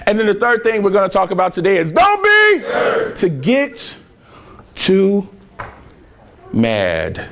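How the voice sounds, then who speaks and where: A young man from near Chicago giving an energetic keynote speech to students, joking and leading call-and-response chants with slangy, playful talk. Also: sits high, slow pace, pauses often, a little hiss or hum. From Harvey, Illinois, near Chicago. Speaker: keynote speaker. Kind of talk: motivational speech to a student crowd. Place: large hall with a student audience.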